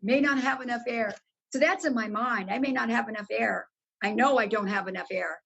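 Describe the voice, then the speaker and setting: A woman guest telling a story in casual, animated talk, swearing freely and jumping up in pitch when excited. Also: fairly quick, creaky, breathy edge, muffled recording. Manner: animated, profane, swoops high when excited.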